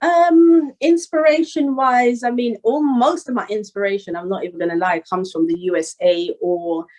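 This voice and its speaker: A woman's voice: a little high, steady tone, moderate pace, a little mellow, low-quality recording. A young woman with a London accent, chatting casually as an interview guest, laughing often and filling with "you know". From Northwest London, England. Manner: laid-back, laughs often, many "you know" fillers. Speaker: rapper guest.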